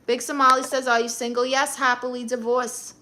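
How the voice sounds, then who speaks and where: A middle-aged woman with a Brooklyn accent hosts a live stream, reading chat comments aloud and firing back blunt, sassy comebacks. Her voice is on the high side and sharp, brisk with little pitch movement.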